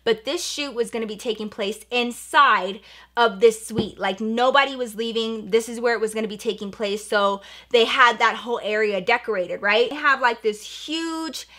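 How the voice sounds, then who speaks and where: A young woman makeup artist telling an animated storytime in a vlog, full of slang and acted-out quotes. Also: a little high, moderate pace.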